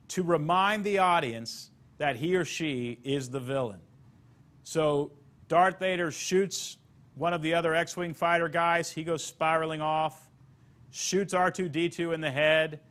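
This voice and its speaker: A man's voice: fairly high pitch, fairly bright tone. A man teaching storytelling for marketing in a lecture-style talk, emphatic and repeating his key points.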